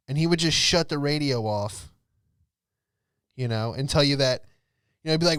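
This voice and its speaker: A young man spins a loose, jokey comedy monologue on a podcast, jumping between stories and quick impressions of the people in them. His voice is smooth and resonant, recorded close and dry with no room sound. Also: fairly high pitch, a bit bright, dry recording.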